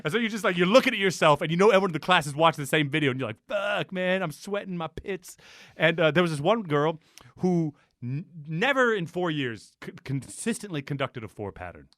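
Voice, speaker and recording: Animated, profane man telling stories. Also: a little high, fast, no echo, studio quality. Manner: profane storyteller who mimics people. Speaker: podcast co-host. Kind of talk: casual chat.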